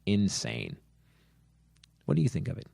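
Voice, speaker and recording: Middle-aged male comedy podcast host, very low pitched, profane earnest ranter, dry studio sound. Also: huge pitch swings, a little slow, vocal fry, dark tone, dry recording. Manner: swears heavily, earnest angry rant with restarts. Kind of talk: comedy podcast chat and rant.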